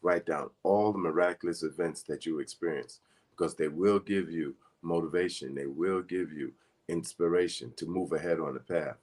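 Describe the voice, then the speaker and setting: A man's voice: low voice, moderate pace, darkish tone. A man giving a casual spiritual teaching talk, speaking earnestly in a rambling, conversational way.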